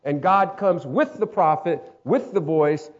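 A man preaching a sermon, dramatic, acting out voices and swinging between loud calls and hushed lines. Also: a little high, expressive, measured pace. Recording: dull lo-fi sound.

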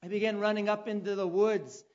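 A man preaching a sermon, telling a personal story with dramatic turns and loud calls. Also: sits high, fairly even intonation, fairly quick, highs cut off. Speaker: pastor.

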